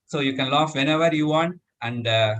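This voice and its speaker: Middle-aged male instructor leading a laughter yoga session with loud "very good" cheers and laughs. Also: fairly high pitch, normal speed. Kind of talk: live demonstration talk.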